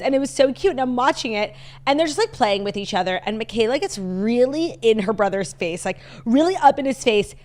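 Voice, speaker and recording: A woman co-hosting a podcast, telling stories in an animated, chatty way with many filler "likes". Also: fairly high pitch. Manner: chatty, animated storytelling with frequent "like". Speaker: podcast co-host. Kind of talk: casual chat.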